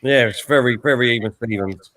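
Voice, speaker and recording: A man hosting a live watchalong, giving relaxed play-by-play with fillers and asides. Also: mid-range voice, brisk. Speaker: host and fight commentator. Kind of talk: casual live watchalong commentary.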